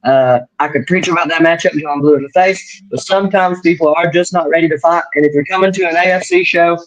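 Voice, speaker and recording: A man's voice: a little high, fast. A man hosting a casual podcast chat, telling stories and acting out quotes. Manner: animated storyteller, acts out quotes. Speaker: host. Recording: dull lo-fi sound.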